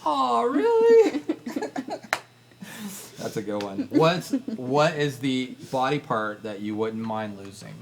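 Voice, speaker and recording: A woman's voice: a bass voice, measured pace, hardly any pauses. A woman interviewer hosting a casual chat at home, playful and teasing, laughing often. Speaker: interviewer and host. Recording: noisy home recording.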